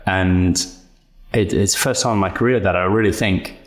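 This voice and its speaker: A man in his thirties, a podcast guest chatting casually, measured and thinking aloud with frequent restarts. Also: deep voice, steady tone.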